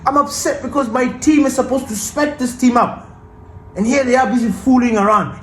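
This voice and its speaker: A man's voice: very high-pitched, moderate pace, echoey room, a little hiss or hum, low-quality recording. A man hosting a football fan channel, ranting passionately and defiantly about his team in casual commentary.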